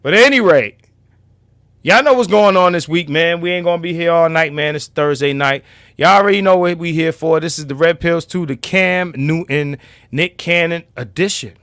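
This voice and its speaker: A man hosting a casual livestream, loud and profane, now and then dropping to a low mutter. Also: moderate pace, clear, resonant tone, dry recording, clean studio sound. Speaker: livestream host.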